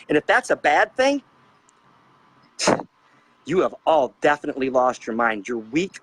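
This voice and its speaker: A man's voice: mid-range voice, fairly bright tone, low-quality recording. A middle-aged man on a panel show, ranting with fiery, preachy anger and firing off rhetorical questions as a trucker advocate. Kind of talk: impassioned rant.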